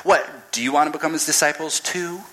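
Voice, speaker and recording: A man's voice: medium pitch, big pitch swings, normal speed, sharp tone. A man voicing a sassy young man once blind, talking back sarcastically. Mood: exasperated. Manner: sarcastic, exasperated.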